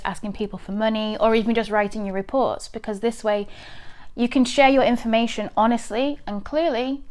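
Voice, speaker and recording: Woman, YouTube tutor, friendly and clear, leans on examples. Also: on the high side. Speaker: host giving writing tips. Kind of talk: casual explanatory tutorial.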